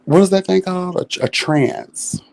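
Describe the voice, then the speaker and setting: A man's voice: high-pitched, normal speed, creaky, darkish tone, a little hiss or hum. Sassy man co-hosting a livestream chat. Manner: sassy, playful, calls people child and honey. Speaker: livestream co-host. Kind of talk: casual commentary chat. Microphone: streaming mic.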